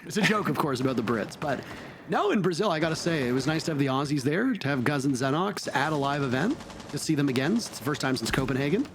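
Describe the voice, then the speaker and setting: A man's voice: a little high, animated, fast, noisy background. Chatty male esports caster, rambling. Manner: chatty, rambling, self-correcting. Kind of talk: casual broadcast banter.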